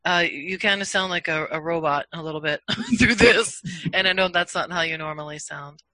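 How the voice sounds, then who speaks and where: Bright, dry-sounding woman hosting a class. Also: lowish voice, normal speed, no echo, poor audio. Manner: upbeat and encouraging, brief replies. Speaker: host and voiceover class teacher.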